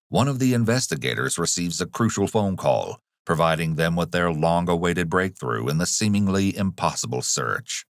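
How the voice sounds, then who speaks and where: A man giving scripted, measured documentary narration about a criminal case. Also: sits low, a bit bright, no echo, studio quality. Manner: measured, analytical.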